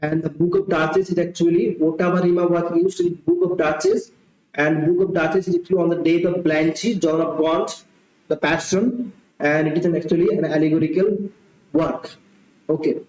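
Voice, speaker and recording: A man's voice: a little high, animated, normal speed, a little mellow. A man tutoring for an exam, repeating himself and thinking aloud with fillers. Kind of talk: mock test lecture. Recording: dull, roomy home recording.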